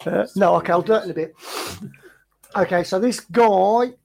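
A man running a quiz on a podcast, reading out clues in a halting way with many fillers. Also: high-pitched, vocal fry, a little mellow, a little hiss or hum.

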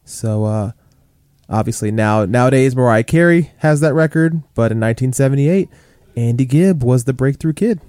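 A man's voice: medium pitch, normal speed, darkish tone, clean tone, no echo, studio quality. A man co-hosting a casual chart countdown podcast, chatty and full of fillers. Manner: chatty, many fillers like "you know" and "like".

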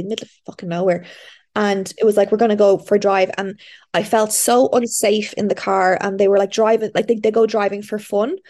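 A woman's voice: medium pitch, darkish tone. Chatty woman host. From Ireland. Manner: candid, chatty storytelling with frequent fillers and restarts. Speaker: podcast host. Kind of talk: casual interview chat.

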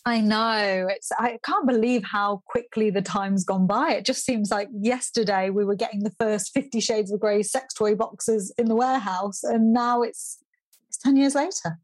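A woman's voice: medium pitch, normal speed, dry recording. A woman from the UK, a sex and relationship expert guest, chatting casually on a podcast and laughing often. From United Kingdom.

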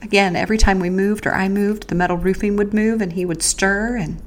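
A woman host recounting her own experience in the first person, earnest and halting, with pauses and restarts. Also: mid-range voice, fairly even intonation. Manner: speaks of faith and prayer.

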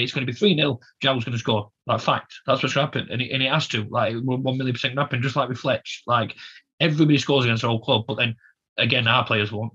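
Fast-talking ranting man. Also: mid-range voice, fairly bright tone, breathy edge. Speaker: podcast co-host. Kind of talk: passionate football fan chat. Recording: dull lo-fi podcast audio.

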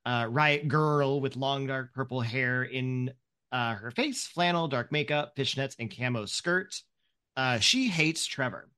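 A man's voice: medium pitch, a little slow, clean tone. A man running a tabletop role-playing game, narrating scenes with lots of ums and likes. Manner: relaxed, filler-heavy narration. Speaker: game master.

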